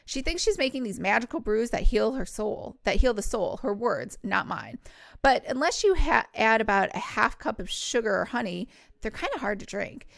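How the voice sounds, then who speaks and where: A woman reading the lines of a kind, soft-spoken male Texan neighbor in a storybook read-aloud, in her own plain voice. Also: a little high, lively intonation, normal speed, creaky, dry recording, clean studio sound. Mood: teasing. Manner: read plainly, no put-on accent.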